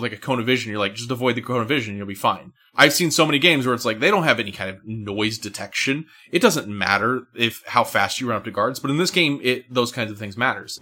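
Guy cohosting a chill podcast, bright forceful voice, gets animated making his point. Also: mid-range voice. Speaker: podcast co-host. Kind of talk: casual chat.

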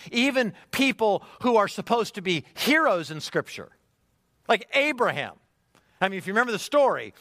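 A man preaches in a lively, conversational way, throwing rhetorical questions at his listeners. His voice sits high and swings widely in pitch. The sound is dry and close. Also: dry recording. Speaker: pastor. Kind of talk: sermon.

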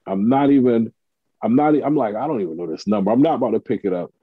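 A man's voice: medium pitch, lively intonation, fast talker, husky, no echo, phone-quality sound. A man, a comedian and TV writer, telling a story in casual chat and acting out the quotes of the people in it.

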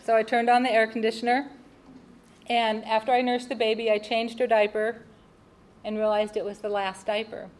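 A woman telling a personal testimony, expressive and laughing at her own mishaps. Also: on the high side, normal speed. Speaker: speaker sharing a personal testimony. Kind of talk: personal storytelling.

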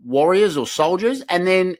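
Aussie bloke in his 30s cohosting a pod, chill rambly banter, kinda high voice. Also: expressive, moderate pace. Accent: Australian. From Australia. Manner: laid-back banter with rambling restarts. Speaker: podcast co-host. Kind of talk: casual comedic podcast chat.

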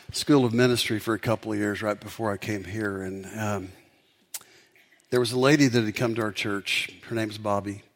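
A man's voice: lowish voice, fairly bright tone. A man, a pastor, preaching a sermon and telling a story, building up to emphatic peaks.

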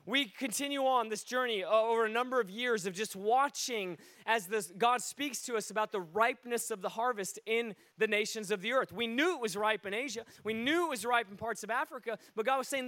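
A high-voiced man preaching to a crowd, telling lively stories that climb from hushed asides to shouted peaks. The sound is close and dry, with little room echo. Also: a little fast, hardly any pauses. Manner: animated, swings between hushed and shouting. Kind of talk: sermon storytelling.

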